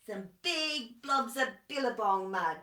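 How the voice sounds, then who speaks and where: Loud, sly woman voicing a platypus for a storybook, echoey room. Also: fairly high pitch, animated, slow, heavily acted. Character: sly helpful male platypus.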